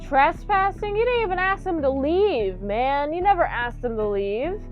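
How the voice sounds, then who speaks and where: A woman hosting a comedic movie review, energetic and jokey, who riffs and slips into silly voices. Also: sits high, normal speed, lo-fi sound, faint music behind.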